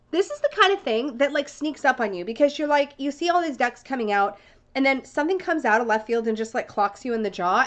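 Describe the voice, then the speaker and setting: A woman's voice: fairly high pitch, fairly bright tone. A woman reviewing tarot decks in a casual vlog, gushing and bubbly, talking to viewers like a close friend.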